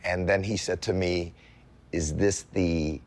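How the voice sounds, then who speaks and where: A man in his sixties, a celebrity guest, telling a story in a casual chat with lively comic timing that jumps into high-pitched yelps as he acts out scenes. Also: slow. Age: 60s.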